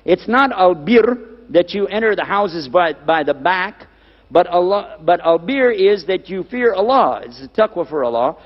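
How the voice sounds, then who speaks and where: A man lecturing on Islam to a live audience speaks in a high, expressive voice at a measured pace, throwing rhetorical questions at listeners and repeating key words for emphasis. The recording is dull and lo-fi, made in a reverberant hall.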